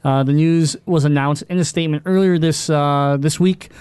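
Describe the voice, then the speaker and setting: A man's voice: a little high, fairly even intonation, normal speed, a little mellow, smooth, no room sound. A man hosting a gaming podcast, reading out news with fillers and joking with his co-host. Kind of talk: casual gaming news chat.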